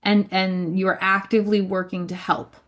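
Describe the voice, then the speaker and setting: At normal speed and medium pitch, with a level tone, a woman who heads a ministry offers a casual spiritual teaching. It's a chatty, repetitive delivery peppered with "like" and regular "right?" check-ins.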